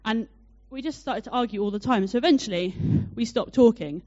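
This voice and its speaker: A young woman preaching a sermon, telling a personal story in a chatty, animated way with many fillers. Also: a little high, brisk. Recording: dull lo-fi sound.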